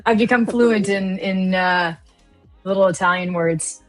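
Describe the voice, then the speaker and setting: A woman's voice: medium pitch, a little slow. A woman co-hosting a live trading stream, chatting casually and playfully. She tells little stories and mimics her relatives along the way. Faint music plays under her voice. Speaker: live trading show co-host. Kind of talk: casual chat.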